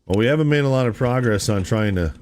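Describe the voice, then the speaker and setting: A man's voice: mid-range voice, expressive, fast, a little mellow, a little hiss or hum. A man streaming a video game, chatting casually and musing aloud to his viewers, often calling them "dude". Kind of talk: casual live-stream gameplay chat.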